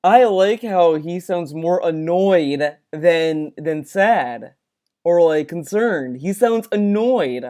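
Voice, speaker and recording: Mellow-voiced rambling commentary man. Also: sits high, lively intonation. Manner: rambling, halting, full of restarts and filler. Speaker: commentary video host. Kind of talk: reaction commentary.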